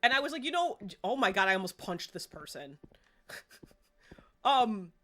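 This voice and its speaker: A woman's voice: medium pitch, big pitch swings, moderate pace, bright, forceful tone. A woman live-streaming a game in casual chat, rambling along and laughing often. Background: faint game music.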